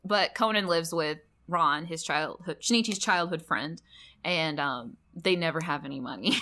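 A woman co-hosts a loose podcast chat, her voice bright and sharp-edged. She rambles through her points, peppering them with "like" and laughing as she goes. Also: deep voice, normal speed, a little hiss or hum. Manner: rambling, heavy on "like", laughs often. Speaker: podcast co-host. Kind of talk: casual chat.

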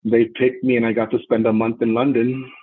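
A man's voice: mid-range voice, flat delivery, a little fast, slightly rough. A man calling in to a comedy show, chatting casually and hesitantly, with plenty of ums and laughs. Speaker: caller. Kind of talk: casual call-in chat. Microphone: phone call. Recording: tinny phone line.

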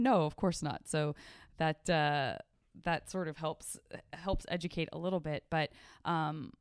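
A woman's voice: low voice, expressive, a little slow, vocal fry, smooth, no room sound, clean studio sound. A woman from Arizona hosting a podcast interview, rambling playfully with many restarts and self-corrections. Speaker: podcast host. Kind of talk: casual interview chat.

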